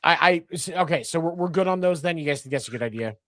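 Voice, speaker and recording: A man's voice: on the high side, expressive, fast talker, fairly bright tone, no echo. A man hosting a casual sports podcast, rambling along with lots of fillers and restarts. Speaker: podcast host.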